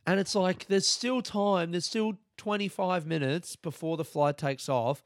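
A young man hosting a podcast, telling a comedic story in an animated, sweary way and acting out other people's lines. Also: high voice, a little slow, few pauses, no room sound, studio quality. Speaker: podcast host.

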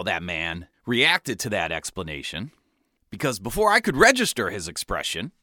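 A man telling a comic first-person story in a wry, animated way. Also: lowish voice, normal speed, no room sound, studio quality.

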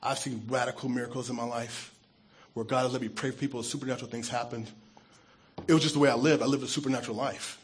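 A man who is a pastor, giving an earnest and emotional testimony sermon, his voice dropping soft when he is moved. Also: mid-range voice, steady tone, fast, husky.

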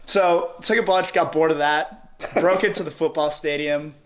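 A man's voice: a little high, fairly even intonation, moderate pace. Rambling New York guy telling stories. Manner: rambling, profane, laughs often, many "like"s. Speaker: podcast guest. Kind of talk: casual storytelling.

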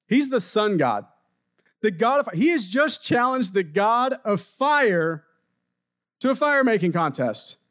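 A male pastor preaching a sermon, urging his listeners and dropping his voice low for emphasis. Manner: exhorting, rising and dropping for emphasis.

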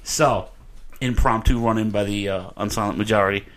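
A man's voice: lowish voice, steady tone, brisk, a bit bright. A man hosting a casual podcast chat, a rambling storyteller who swears and restarts often. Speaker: podcast host.

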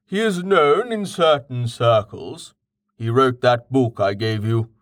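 Male narrator as patient, well-read companion, matter-of-fact, mid-pitched. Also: expressive, takes it slowly, no echo, studio quality. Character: patient man, well-read, calmly explaining.

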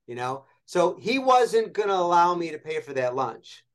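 A man being interviewed as a guest, telling lively anecdotes and acting out quoted voices as he goes. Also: high voice, moderate pace, few pauses. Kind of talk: animated storytelling in conversation.

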